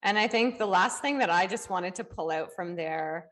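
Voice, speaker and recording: A woman with a fairly low voice co-hosts a relaxed conversational podcast. She speaks in a measured, reflective way, building her points slowly and leaning on easy conversational fillers. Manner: measured, reflective, uses "you know" fillers. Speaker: podcast co-host.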